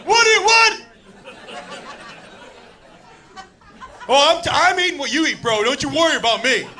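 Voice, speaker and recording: A man on stage voicing his indignant, boastful older brother who panics and yells. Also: very high voice, expressive, fast talker, a faint crowd, pitched above the performer's own voice, full character voice. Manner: whiny, indignant, yelling. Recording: stand-up stage with loud audience.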